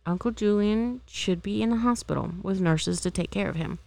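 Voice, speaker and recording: Woman reading as a young older sister, chiding, earnest, gravelly low voice, dry close sound. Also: normal speed, darkish tone, no echo, close to an everyday voice.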